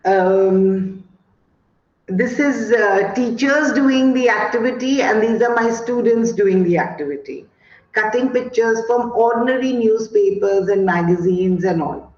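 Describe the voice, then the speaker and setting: Over a video call with echoey, muffled sound, a woman from India speaks in Indian English, sharing classroom anecdotes during a teacher training talk. She goes slowly, leans on plenty of fillers, and has a medium-pitched, slightly mellow voice.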